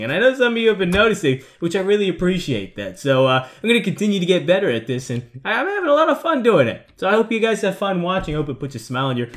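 A man's voice: a little high, fairly bright tone. A young man giving rambling, jokey commentary on a horror game, breaking into nervous outbursts. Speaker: gaming YouTuber.

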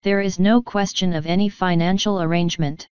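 A woman's voice: lowish voice, fairly even intonation, a little fast, clear, resonant tone, no echo, close to an everyday voice. A woman voicing a cold, sneering aristocratic English lord, curt and disdainful. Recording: dull dry recording.

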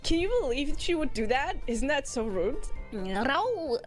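A woman's voice: high voice, sing-song, unhurried, music in the background. A woman streamer in casual, playful chat, teasing and giggling often.

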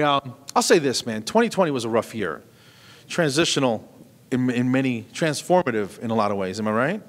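Man, middle-aged, stand-up comedian, animated storytelling, stage mic, long hall reverb. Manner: animated storytelling, jumping to high voices for punchlines.

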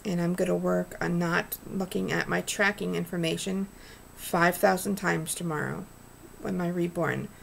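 A woman's voice: on the low side, steady tone, normal speed, vocal fry, a little hiss or hum. A middle-aged woman vlogging in an earnest, rambling, preachy way. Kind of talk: casual heartfelt vlog rant.

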